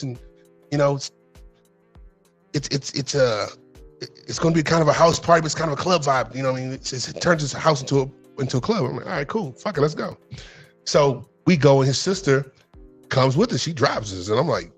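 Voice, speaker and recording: Husky-voiced man telling a profane story. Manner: profane, rambling, acts out quotes with rising pitch. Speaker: podcast co-host telling a story. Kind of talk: casual storytelling chat.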